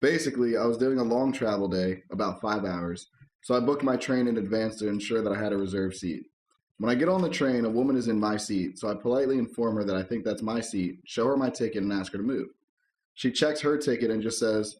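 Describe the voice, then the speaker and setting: A man co-hosting a casual podcast, reading online posts aloud and chatting, laid-back and quick to chuckle and swear. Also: fairly low pitch, darkish tone, slight background noise. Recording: echoey room.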